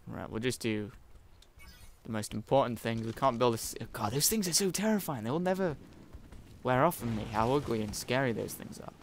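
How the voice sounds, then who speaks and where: A man's voice: mid-range voice, animated, a little fast, slight background noise. A young man giving jumpy, jokey let's-play commentary, often swearing as he plays. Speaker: gaming YouTuber.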